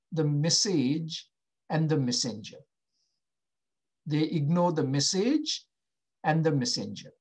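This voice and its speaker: A male pastor preaching a sermon, slow and emphatic, often asking the listeners questions. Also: a little high, a little mellow, slightly rough.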